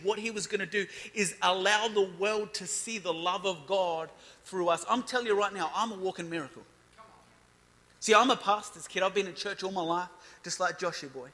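High bright-voiced preacher in his thirties. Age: 30s. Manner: declaring, preaching with rising emphasis. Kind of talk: youth sermon. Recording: reverberant hall.

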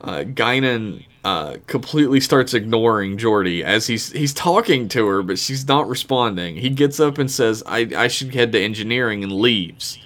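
A man co-hosting a casual podcast, recapping a TV episode loosely with swearing and quick character quotes. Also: medium pitch, expressive, fairly bright tone. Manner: loose, profane, quotes characters in offhand voices. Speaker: podcast co-host.

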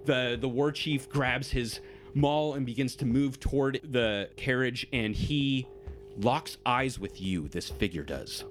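A male game master telling a tabletop adventure in a mid-pitched voice, rushing through some descriptions and slowing on others. Soft music runs quietly behind him. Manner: vivid descriptive storytelling, quick bursts.

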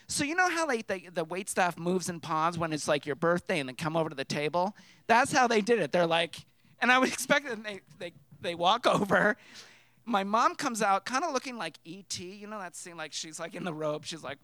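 A man telling a personal story to a live theater audience, animated and excitable, jumping between loud outbursts and hushed asides. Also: on the high side, moderate pace, no room sound.

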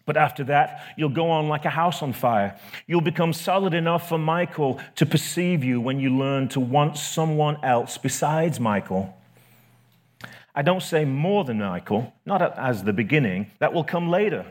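A man voicing a gentle bright spirit, a brother who speaks in a calm, coaxing way. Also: on the high side, normal speed, natural voice. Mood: patient.

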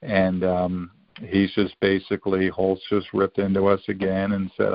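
A man's voice: deep voice, monotone, normal speed, gravelly, no echo. A man in his fifties, a podcast guest, telling rambling stories full of restarts and acted-out quotes. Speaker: podcast guest, former college football player. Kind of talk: casual storytelling. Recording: dull, lo-fi sound.

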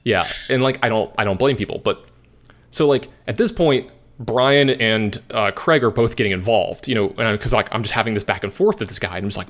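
A man casually telling a long story as a podcast host, animated and rambling, with lots of fillers. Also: fairly low pitch, a little fast. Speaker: competitive card game player.

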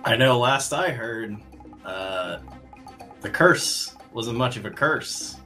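A man playing a tabletop game, answering in casual, quick in-character replies. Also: mid-range voice, animated, bright, forceful tone, faint music behind. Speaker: player.

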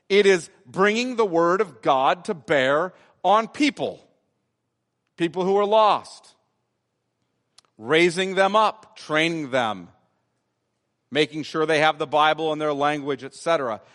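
A male pastor preaching an expository sermon, stressing key phrases by repeating them and slowing down on important words. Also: fairly high pitch, a bit bright, long reverb tail. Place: church sanctuary.

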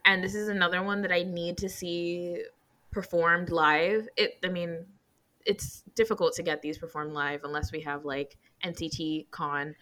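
A woman co-hosting a casual fan chat, talking in an animated, emphatic way. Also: fairly low pitch, normal speed. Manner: animated, emphatic, playfully defensive. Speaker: podcast co-host.

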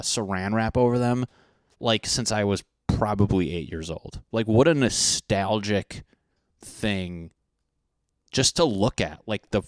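Young male vlogger, deep and dry-sounding, loose profane self-deprecating chat. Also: no room sound. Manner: rambling, profane, self-mocking. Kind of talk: casual chat to camera. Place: at home.

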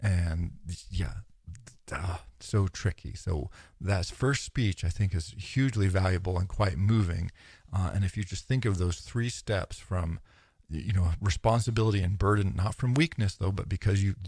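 A man's voice: sits low, a little mellow, no echo, studio quality. A man giving an informal lecture on philosophy, talking in a thoughtful, musing way with many restarts and quoted asides.

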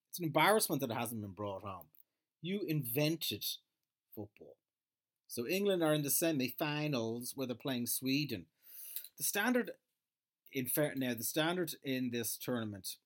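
A man raised in Ireland talks alone in a loose, rambling rant. He is sarcastic and swears freely, his voice sitting at an ordinary middle pitch. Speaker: solo commentator.

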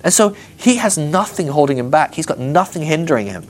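Brief: male Bible teacher, very lively, wide-ranging pitch, jokey, faint rumble behind. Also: fairly quick. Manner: jokey, animated, acts out voices of Bible characters. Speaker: preacher teaching a ministry school class. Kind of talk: casual humorous Bible teaching.

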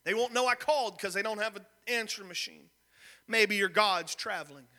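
A young man preaching a sermon, telling a story with shouted peaks and sudden soft drops. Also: high voice, big-room sound. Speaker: pastor.

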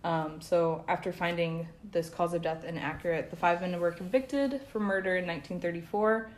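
A woman's voice: fairly low pitch, fairly even intonation, moderate pace. A young woman casually retelling a true-crime case as a podcast co-host, peppering her talk with "um" and "like". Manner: chatty, many fillers like "um" and "like".

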